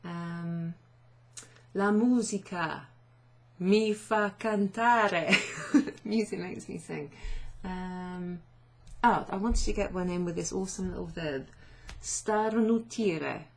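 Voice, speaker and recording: A woman's voice: on the low side, slow pace, a little hiss or hum. A woman teaching a chatty, self-deprecating online language lesson, often asking learners questions.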